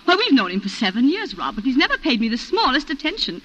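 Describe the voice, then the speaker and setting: A genteel wife in a vintage radio play, her voice high, bright and swinging widely as she tells her story with refined, breathless emotion. The broadcast sounds dull and lo-fi. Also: big pitch swings, fast, heavily acted. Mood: strained, ashamed. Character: genteel planter's wife confessing a shooting. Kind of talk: 1940s radio acting.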